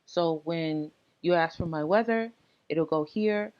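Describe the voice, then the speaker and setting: A woman narrating a casual screen-recorded tech tutorial, relaxed and full of ums and uhs as she talks through each step. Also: deep voice, unhurried, dull audio.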